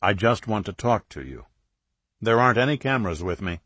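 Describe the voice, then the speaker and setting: A man's voice: fairly low pitch, very animated, brisk, a bit bright, dry recording. A man reading an audiobook, voicing an older TV commentator who speaks politely and earnestly, trying to appease. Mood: appeasing.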